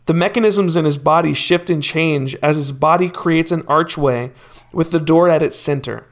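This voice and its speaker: Male game master, higher voice, slow descriptive narration.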